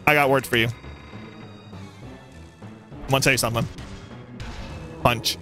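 A young man giving let's play commentary on a boss fight, excitable and taunting the enemy. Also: medium pitch, unhurried, soft background music. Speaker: gaming YouTuber.

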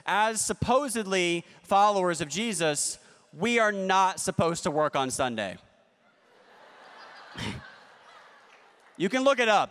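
A man doing a stand-up comedy set, with a deadpan, ironic delivery and playful asides to the crowd. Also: sits high. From United States. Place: large convention hall stage. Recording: long hall reverb.

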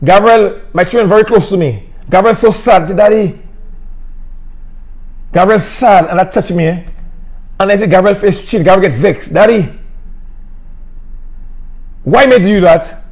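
A man's voice: high voice, brisk, a little mellow. A middle-aged man from Saint Lucia with a Saint Lucian accent, preaching an emphatic, repetitive sermon. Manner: emphatic, repetitive, plain-spoken.

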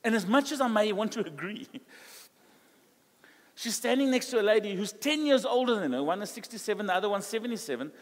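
A high-pitched male pastor with a South African English accent delivers a chatty, animated sermon, slipping into quoted voices as he tells stories. His voice carries a long reverb from the church hall. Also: fairly quick. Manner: conversational, animated preaching that acts out quoted dialogue.

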